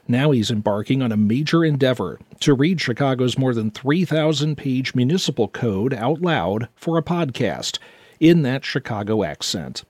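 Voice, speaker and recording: A man with a middle-pitched voice reads a scripted news introduction as anchor. The booth sound is dry and close. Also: lively intonation, normal speed, darkish tone, slightly rough, no echo.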